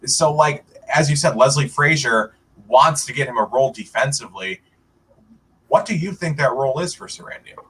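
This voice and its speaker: A man co-hosting a sports podcast, talking in a relaxed, chatty way and often saying "like". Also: medium pitch, moderate pace, slight background noise. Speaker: podcast co-host. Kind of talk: casual sports podcast discussion.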